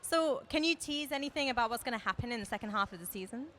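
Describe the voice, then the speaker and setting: A woman interviewing an actor at a live event, upbeat and quick to laugh. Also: a little high, animated, a bit bright. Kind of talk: casual chat at a live event.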